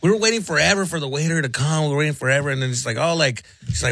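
A man telling a story in casual radio chat, animated and laughing often as he talks. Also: fairly high pitch, racing, few pauses, slightly rough, dry recording. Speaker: show guest.

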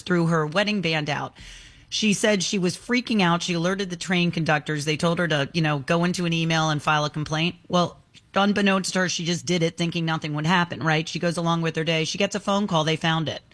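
A woman's voice: lowish voice, a little fast, a bit bright. A woman reading news items on a morning show, telling each story in a chatty, conversational way while outdoors. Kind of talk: casual news chat. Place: outdoors in the sun.

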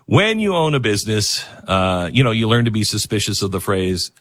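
A man's voice: on the low side, a little fast, dry recording. A middle-aged man hosting a radio talk show, rambling and mocking, reading ads in his own loose style. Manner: rambling, animated, mocking, self-deprecating. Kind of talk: talk radio monologue and host-read ads. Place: radio studio.

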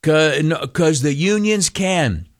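A man talking on the radio in a loose, folksy monologue, full of ums and uhs. His pitch swings widely as he acts out the people in his stories. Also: lively intonation, takes it slowly. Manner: rambling and folksy, full of fillers, acts out quoted voices. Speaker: radio talk host. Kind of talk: casual talk radio monologue.

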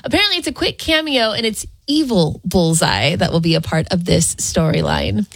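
A woman reading entertainment headlines on a radio show in a chatty way, quick to laugh. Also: on the low side, lively intonation, vocal fry, dry recording.

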